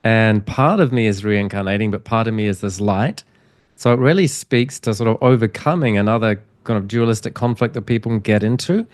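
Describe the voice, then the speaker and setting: A man's voice: fairly low pitch, a little fast, no echo, clean studio sound. A man hosting an interview podcast, rambling and rephrasing his questions as he asks them. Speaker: podcast host.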